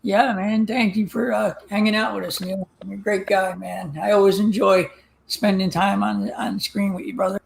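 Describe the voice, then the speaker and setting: A man's voice: high voice, level tone, moderate pace, creaky, a little hiss or hum. A man co-hosting a casual chat, chiming in with short, friendly remarks. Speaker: co-host.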